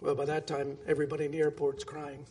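A man's voice: fairly high pitch, completely flat delivery, quick pace, darkish tone, husky. A man preaching a sermon, telling a story earnestly and closing in prayer. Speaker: pastor.

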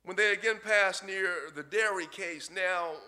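A man preaching a sermon, telling a folksy story in a deliberate way with short pauses. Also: high-pitched, pushed and bright. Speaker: pastor.

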